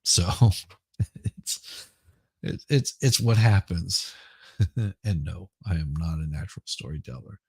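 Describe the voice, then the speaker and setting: A middle-aged man with a Southern accent talks casually on his livestream. His voice is hoarse and gravelly, very deep and unhurried. He rambles and repeats himself in a dry, close recording. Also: lively intonation, dry recording. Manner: rambling, halting, repeats words. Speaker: livestream host. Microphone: headphones with mic.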